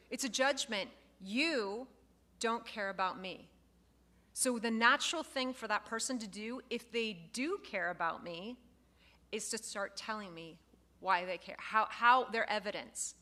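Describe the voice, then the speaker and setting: A woman instructor giving a lively lecture to a live class, acting out example phrases as she goes. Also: medium pitch. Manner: lively, expressive, acts out quoted phrases.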